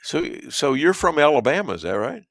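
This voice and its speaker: A man from Chicago hosting an interview show, speaking haltingly with many fillers and trailing off softly. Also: a little high, very animated, gravelly, no room sound, clean studio sound. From Chicago, USA. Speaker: show host. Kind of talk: casual interview conversation.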